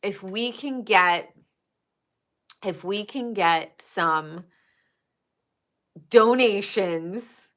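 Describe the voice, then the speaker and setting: Woman, livestream chat, bright edgy tone, gossipy, swears a lot. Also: mid-range voice, drawn-out words, pauses often. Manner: chatty, profane, gossipy. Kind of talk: casual chat with viewers.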